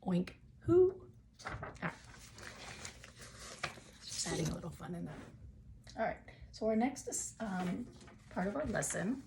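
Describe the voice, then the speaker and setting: A woman's voice: fairly low pitch, lively intonation, measured pace, creaky, pauses often, noisy background. A woman teaching a phonics lesson to young children from home, talking in a patient, encouraging way.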